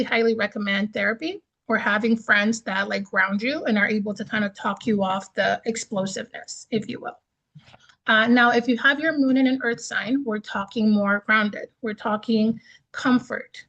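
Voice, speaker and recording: A woman teaching a beginner astrology class in a chatty, expressive way, often checking in with "right?". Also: on the high side, rough recording. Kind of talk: casual class lecture.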